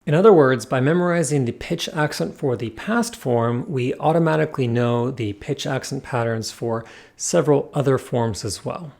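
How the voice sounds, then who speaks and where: A man's voice: medium pitch, darkish tone. A man teaching a language lesson, explaining rules point by point in a methodical, scripted way.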